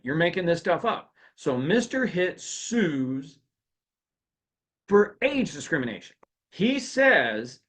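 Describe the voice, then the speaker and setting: A man teaches a workplace seminar with lots of energy. His voice sits somewhat high and leaps around in pitch as he tells the story and checks in with the audience. The delivery is conversational and full of questions. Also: slow pace. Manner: animated, quizzes the audience with questions. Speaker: workplace law and HR seminar speaker. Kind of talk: live seminar talk to an audience.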